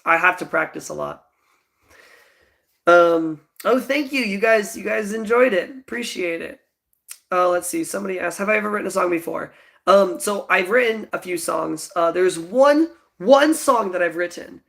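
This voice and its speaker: This streamer is a young man in his twenties whose high, gravelly voice sounds fairly bright and expressive. He takes his time, rambling loosely with viewers, using lots of fillers and giggling often.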